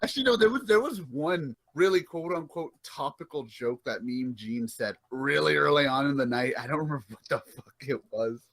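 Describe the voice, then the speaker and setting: Young male podcast co-host, relaxed and profane, laughs easily. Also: mid-range voice, normal speed, creaky, hardly any pauses. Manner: laughing, profane, playfully quoting wrestlers. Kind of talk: casual chat.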